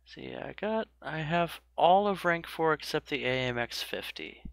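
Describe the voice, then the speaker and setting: Gravelly thirty-something man streaming. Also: fairly high pitch, lively intonation, unhurried, fairly bright tone, no room sound. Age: 30s. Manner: chatty, self-mocking, laughs often. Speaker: game streamer. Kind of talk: casual live-stream chat.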